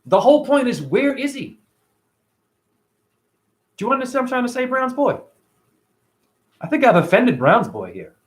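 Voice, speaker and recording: Animated, high-voiced man streaming to viewers. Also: normal speed, pauses often. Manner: animated, profane, addresses viewers by name. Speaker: livestream host reading chat. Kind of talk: casual livestream monologue.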